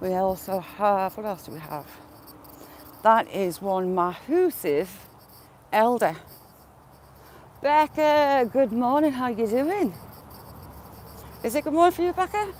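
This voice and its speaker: Slightly high and animated, a woman's voice comes slowly with frequent pauses and a somewhat mellow quality, plus a little hiss or hum. She live-streams on a phone on a gimbal with a headphone wire, walking fields and hedgerows, chatting with viewers by name and cooing at animals.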